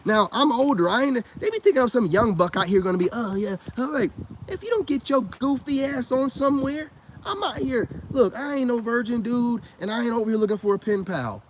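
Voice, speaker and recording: A man's voice: very high-pitched, animated, a little fast, slight background noise. A middle-aged man ranting in a profane, boastful monologue full of street slang. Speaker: online commentator.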